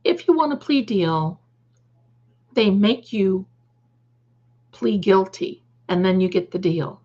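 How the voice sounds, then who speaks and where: A woman speaks slowly and expressively in a medium-pitched, darkish voice while hosting a casual livestream. She reads out chat messages, calls viewers "darling," and adds snarky, opinionated asides. The audio is dull.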